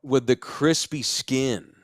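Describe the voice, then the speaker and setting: A man's voice: mid-range voice, slow, no room sound, clean studio sound. Jokey man in casual chat. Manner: loose, jokey, rambling. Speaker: podcast co-host.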